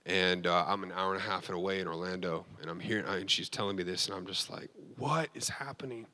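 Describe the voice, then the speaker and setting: A man's voice: low-pitched, level tone, fast, pushed and bright. Emotional man preaching a personal testimony. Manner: personal testimony, emotional, frequent restarts and fillers. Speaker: pastor. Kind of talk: sermon.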